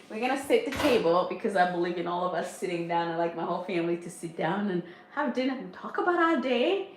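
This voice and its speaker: A chatty middle-aged livestream host, mother of a large family, cooks in her home kitchen while reading viewer comments aloud and laughing frequently. Her voice is medium in pitch and a bit bright, and the recording is echoey with faint noise.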